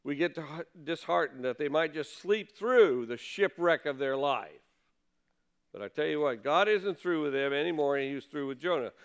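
Man, pastor preaching, smooth clear voice, slightly high pitch, earnest, shifts between loud questions and quiet asides. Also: normal speed. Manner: earnest preaching, rises for quoted questions, drops low for asides. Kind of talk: sermon.

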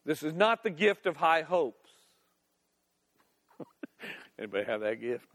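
A man's voice: on the high side, big pitch swings, slow pace, fairly bright tone. A man preaching a sermon in a folksy, playful way with laughing asides, recorded in a church sanctuary. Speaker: pastor. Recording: long reverb of a church hall.

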